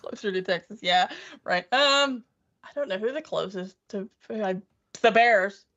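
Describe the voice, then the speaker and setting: A woman from northeast Missouri co-hosting a podcast, chatty and quick to laugh. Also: medium pitch, fairly bright tone, highs cut off. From northeast Missouri, USA. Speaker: podcast co-host. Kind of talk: casual chat.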